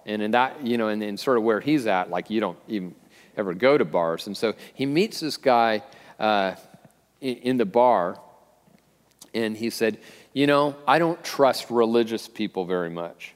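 A man, the lead pastor, preaching a conversational sermon, often pausing on fillers and restarting phrases. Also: fairly low pitch, lively intonation, in a large hall.

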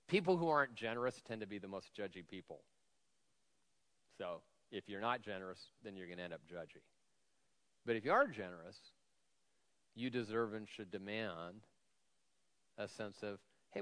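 A man preaches a casual, joking sermon in a reverberant church hall. His voice is a bit whiny yet smooth and resonant, and he keeps the talk loose with fillers and jokes at his own expense. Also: on the low side, a bit bright. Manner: self-deprecating humor, frequent fillers. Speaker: lead pastor. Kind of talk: conversational sermon. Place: church sanctuary.

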